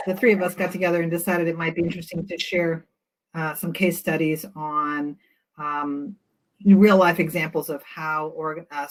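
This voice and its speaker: A woman's voice: sits low, poor audio. Chatty woman presenting on a webinar. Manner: chatty, loose, frequent fillers. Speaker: school board member. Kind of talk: webinar case-study presentation.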